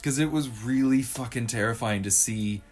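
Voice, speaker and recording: A man's voice: medium pitch, normal speed, soft background music. A man co-hosting a podcast, chatting casually in a rambling, profane, jokey way. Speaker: podcast co-host. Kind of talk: casual chat.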